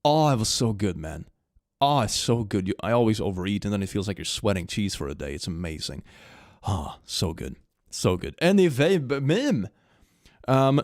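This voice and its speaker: A young man streaming from home, reading fan memes aloud and reacting in an animated, giggly way that swings between hushed and excited. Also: lowish voice, moderate pace, dry recording, studio quality. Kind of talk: casual livestream chat.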